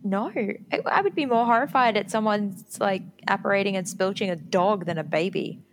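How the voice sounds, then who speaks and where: A woman co-hosting a podcast, talking in a candid, self-deprecating way. She laughs often between her lines. Her voice sits at an ordinary middle pitch. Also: moderate pace. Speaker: podcast co-host. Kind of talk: casual chat.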